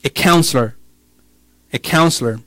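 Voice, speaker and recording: A man preaching a sermon as pastor, moving between slow, quiet emphasis and rising, excited passages, with casual asides and repeated words. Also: mid-range voice, no echo, low-quality recording.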